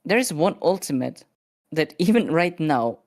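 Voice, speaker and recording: A sleepy woman with a notably low voice chats casually on a stream. She rambles and hesitates, filling her sentences with fillers as she works through her thoughts. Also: animated, normal speed, darkish tone. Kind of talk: casual chat.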